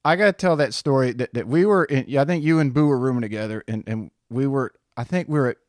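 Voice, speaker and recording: A man's voice: medium pitch, quick pace, no echo, studio quality. A man hosting a podcast, chatting casually and telling stories in an easygoing way, chuckling often. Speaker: podcast host.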